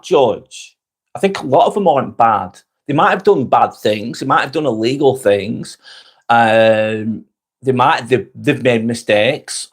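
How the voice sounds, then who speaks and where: A man's voice: medium pitch, husky. Chatty Lancashire man on a live stream. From Northwest England. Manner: chatty, friendly, says "mate" often, thanks viewers by name. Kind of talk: casual live-stream chat reading comments.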